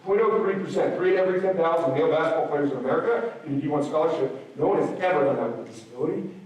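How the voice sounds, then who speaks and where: A man in his thirties, his voice sitting a little high, delivers a punchy motivational speech to students. He fires rhetorical questions at them directly. He is heard from a distance in a very echoey hall. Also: animated, very fast, darkish tone. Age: 30s. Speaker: motivational speaker. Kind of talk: motivational speech to a school assembly. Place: large school gym or auditorium.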